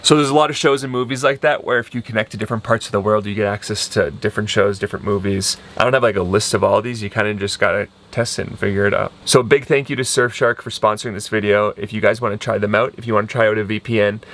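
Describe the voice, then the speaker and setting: A man's voice: lowish voice, steady tone, fast talker, few pauses, a bit bright. A young man chatting casually in a travel vlog and reading a sponsor spot in an easygoing, joking way. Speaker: vlogger.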